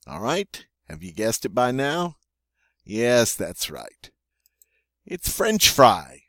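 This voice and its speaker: A man teaching French vocabulary, playful and joking, saying each word slowly and twice before giving its meaning. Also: medium pitch, very animated, a bit bright, dry recording, clean studio sound. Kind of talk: vocabulary lesson.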